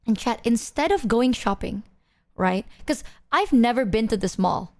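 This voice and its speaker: A woman's voice: a little high, animated, a little slow, a little mellow. A young woman streamer telling a long story to her viewers, rambling with lots of fillers and laughing often. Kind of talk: casual chat to stream viewers.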